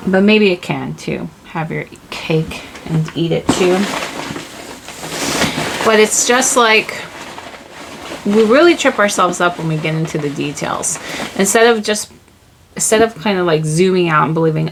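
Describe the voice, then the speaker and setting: A woman's voice: on the low side, unhurried, vocal fry, noisy background. A woman giving a casual tarot reading, rambling and searching for her words, with lots of "like" and "you know.". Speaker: tarot reader.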